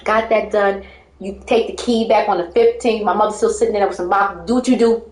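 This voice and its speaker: A woman talks through her life story in loose, rambling conversation, pressing hard on her points and laughing often. Her voice sits at a middle pitch for a woman. The sound carries a noticeable room echo. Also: steady tone, fairly quick, darkish tone. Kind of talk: casual personal storytelling.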